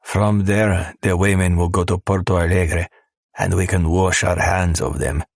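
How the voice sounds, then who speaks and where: Brief: a man reading gruff, menacing criminals, deep-voiced, crude, dry studio sound. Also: fairly even intonation, unhurried, no room sound, full character voice. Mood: scheming. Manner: crude, menacing, tough-talking. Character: gruff male smugglers and mafia man. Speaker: audiobook narrator. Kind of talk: scripted audiobook narration.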